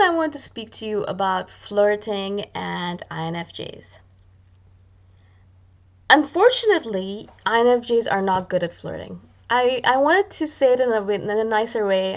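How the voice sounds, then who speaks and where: A woman hosts her own video channel, chatting casually into the camera in a mid-range voice. She pokes fun at herself as she goes and slips into little acted-out asides. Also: medium pitch. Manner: chatty and self-deprecating, acts out little quoted asides. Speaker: YouTube channel host. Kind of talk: casual talking-to-camera vlog.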